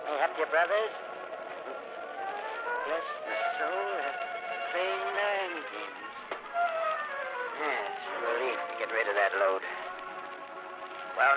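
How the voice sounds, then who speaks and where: A man's voice: mid-range voice, sing-song, unhurried, pauses often. An actor playing a middle-aged, easygoing, drink-loving Dutch villager in 1940s radio acting, jovial and chatty, talking to himself and his dog. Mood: wondering. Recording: muffled old radio transcription with music.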